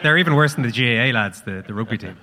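A man hosting a live show, teasing his guest in a quick way. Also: medium pitch, animated, bright, forceful tone. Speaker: host.

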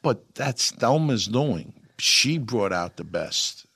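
An older man, an actor telling lively anecdotes in an interview and acting out the lines he quotes. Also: mid-range voice, slow pace, creaky, husky, no echo. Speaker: actor guest. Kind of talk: storytelling interview.

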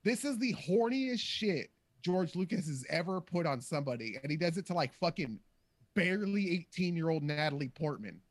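A man chatting casually and profanely on a podcast, animated and rambling, acting out quotes in silly voices. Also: a little high, normal speed, no room sound. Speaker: podcast co-host.

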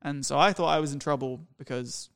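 A young man recounts a personal story in a rambling, candid way, swearing freely. His voice is smooth and resonant, and the sound is close and dry with no room echo. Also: a little high, brisk, a bit bright. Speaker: podcast guest storyteller.

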